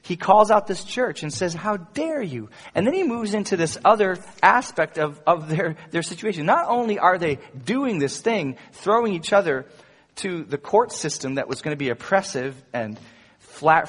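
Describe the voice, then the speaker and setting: A male pastor preaching a sermon in an animated way, rising into emphatic quotes. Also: high voice, normal speed. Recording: echoey hall, long reverb.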